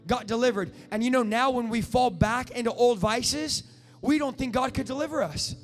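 High-voiced preacher shouting in a hall. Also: male voice, moderate pace. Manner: impassioned, rising to shouts. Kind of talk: sermon. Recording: echoey hall with faint music.

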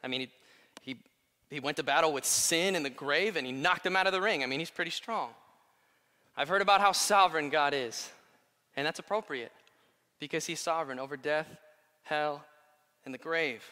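A male pastor preaching a sermon, animated, swinging between quiet asides and loud declarations. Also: on the high side, normal speed, long pauses. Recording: long hall reverb.

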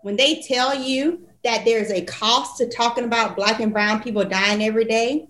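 A woman tells a story in a loose podcast chat, lively and expressive as she acts out each exchange in quoted voices. Her voice sits a little high. The room around her is echoey. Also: normal speed. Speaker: podcast co-host and physician.

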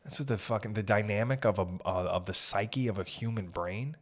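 A man's voice: lowish voice, brisk, a bit bright. A man in his thirties with a Canadian accent and a stuffy nose, riffing in a rambling, profane, jokey podcast monologue. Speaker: podcast host. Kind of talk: casual comedic monologue.

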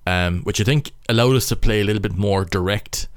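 A man's voice: fairly low pitch, a little fast, dry recording, studio quality. A young Irish man, a rugby player, casually breaking down match footage, thinking aloud in stop-start phrases.

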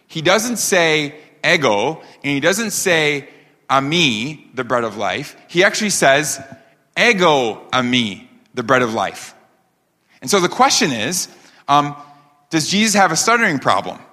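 A man preaching a sermon as pastor, emphatic, asking rhetorical questions and slowing down on key phrases. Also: fairly high pitch, big pitch swings, bright, forceful tone. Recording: long hall reverb.

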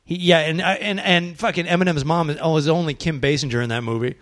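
A man's voice: on the high side, a little fast, a bit bright, no room sound, studio quality. A man chatting casually as a podcast guest, joking and riffing on movie trivia.

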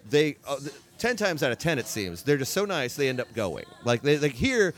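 This podcast host's mid-range voice swings widely in pitch and moves a little fast. He's a man rambling through casual bar-room chat indoors at a bar, leaning heavily on fillers.

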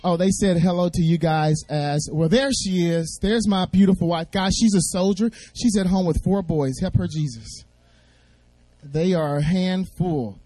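A man speaking as a guest at a church service, telling a Bible story in a fast, playful way and drawing responses from the audience. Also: sits high, dark tone, dry recording, soft background music.

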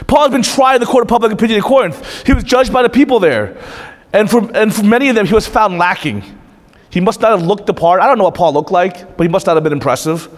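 A pastor giving a conversational sermon, moving between lively asides and quiet, intense passages. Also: male voice, high voice, fast. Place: church hall. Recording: long reverb of a hall.

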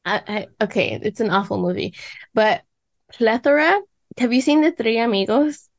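A woman's voice: medium pitch, lively intonation, normal speed, creaky, no echo. Woman, podcast host, casual chat, giggly, dry recording. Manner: chatty, giggly, lots of "like" fillers.

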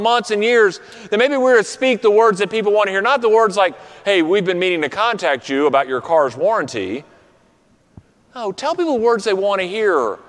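A man preaching a sermon in an earnest tone, often dropping to a soft, quiet close on key words. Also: sits high. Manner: earnest, drops to soft quiet endings for emphasis. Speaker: pastor. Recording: reverberant hall.

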